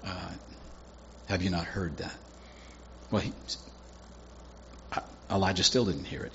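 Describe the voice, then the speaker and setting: A man's voice: on the low side, muffled recording, slight background noise. A man preaching a sermon, retelling a Bible story and acting out the characters' lines. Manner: acts out characters' lines in quick animated voices.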